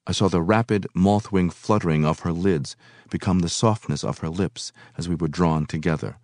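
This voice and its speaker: A man with a deep, low voice reads a novel aloud at a measured, unhurried pace. The recording is dry and close, with no room echo. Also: a little mellow. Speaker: reader.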